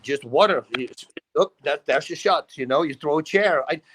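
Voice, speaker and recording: A middle-aged man with a Dutch accent, telling animated stories in a casual talk show. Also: on the high side, moderate pace, low-quality recording. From Netherlands. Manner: animated storytelling, acts out quotes, laughs often. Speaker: guest. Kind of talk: casual storytelling.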